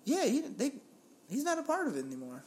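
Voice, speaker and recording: A man's voice: extremely high pitch, fairly quick, slight background noise. A young man from Puerto Rico co-hosting a casual sports podcast, telling stories with lots of laughs and casual swearing. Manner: animated storyteller, laughs often, swears casually. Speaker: podcast co-host.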